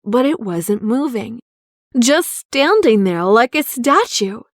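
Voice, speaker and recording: A woman reading a children's story aloud, slow and clear. Her voice is high and animated, rising and falling, recorded close and dry. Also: dry recording.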